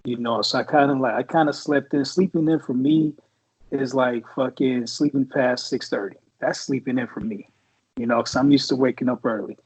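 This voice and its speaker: A man's voice: medium pitch, fairly even intonation, normal speed, slightly rough, rough recording. A man in his forties from the Bay Area, a Marine veteran and podcast co-host, telling stories in a rambling, profane way, full of fillers. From San Francisco Bay Area. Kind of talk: casual storytelling chat.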